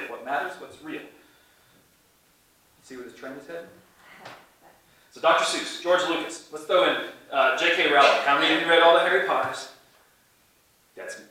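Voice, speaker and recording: A man's voice: a little high, bright, forceful tone. A man preaching a sermon as pastor, chatty and playful, with many restarts. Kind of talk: casual storytelling sermon. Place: church sanctuary. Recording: echoey church from a distance.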